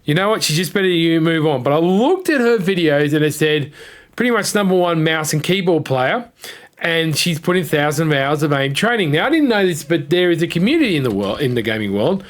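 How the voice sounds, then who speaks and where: A man's voice: fairly high pitch, lively intonation, a little fast. A man telling a rambling, opinionated story in casual gaming commentary, blunt and now and then swearing. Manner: blunt, drops the odd swear. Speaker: gaming content creator.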